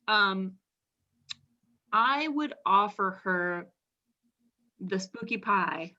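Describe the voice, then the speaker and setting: A woman's voice: mid-range voice, lively intonation, very slow, long pauses, sharp tone, lo-fi sound. A woman playing a tabletop game, speaking apologetically in character. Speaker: player.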